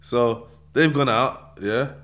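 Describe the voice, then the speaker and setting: A man's voice: medium pitch, slow. A man with a London accent, a podcast guest telling a story in a casual interview, acting out the dialogue and swearing freely. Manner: animated retelling with acted-out dialogue and swearing.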